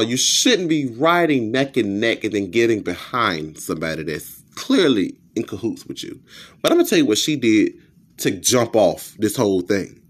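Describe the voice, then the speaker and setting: Lively ranting man, swooping voice. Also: breathy edge. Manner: animated, profane storytelling with sudden pitch jumps. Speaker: podcast host. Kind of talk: comedic rant.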